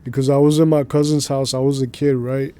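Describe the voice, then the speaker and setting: A man's voice: medium pitch, flat delivery, brisk, dark tone, smooth. A male streamer chatting casually while he plays, rambling in slangy speech and laughing easily. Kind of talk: casual chat while gaming.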